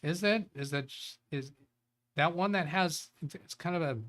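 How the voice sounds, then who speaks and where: A man's voice: a little high, measured pace, fairly bright tone. A man hosting a live tech show, reading viewer chat and thinking aloud in a loose, rambling way. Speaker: tech livestream host.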